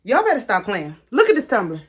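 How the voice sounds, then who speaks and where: A woman hosting a crafting vlog, chatting to her viewers as she demonstrates a product, excitable and gushing. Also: a little high, a little fast, slight background noise. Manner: chatty, addresses viewers as y'all. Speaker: crafting channel host. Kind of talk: casual product demo vlog.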